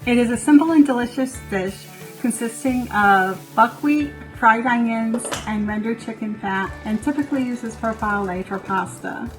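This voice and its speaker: A woman's voice: a little high, normal speed, faint music behind, low-quality recording. A woman from the United States sharing a family recipe in a friendly, scripted recorded message. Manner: clear, friendly, reads from a script. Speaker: guest contributor sharing a recipe.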